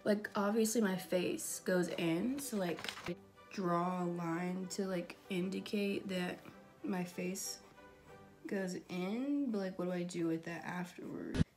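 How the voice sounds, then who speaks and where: A woman with a fairly low, slightly mellow voice speaks slowly. She's a makeup YouTuber chatting casually while she draws, rambling and tossing in self-deprecating asides, with background music playing.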